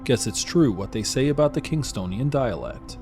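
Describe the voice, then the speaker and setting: A man voicing a brawny, easygoing Jamaican driver who talks in a relaxed, drawling way with a Jamaican accent. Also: mid-range voice, moderate pace, over music, lightly acted.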